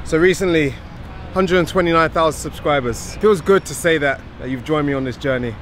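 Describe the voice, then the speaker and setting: A man's voice: on the high side, a little fast. Chatty young British man vlogging. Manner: relaxed, chatty, jokey. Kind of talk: casual vlog chat. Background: music playing.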